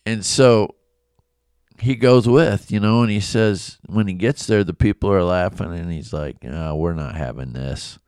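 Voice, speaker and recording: A man's voice: lowish voice, fairly even intonation, a little slow, darkish tone, clean tone, dry recording, studio quality. A man giving a casual, conversational Bible lesson, acting out the people in the story. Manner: conversational, acts out quoted voices. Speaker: Bible teacher.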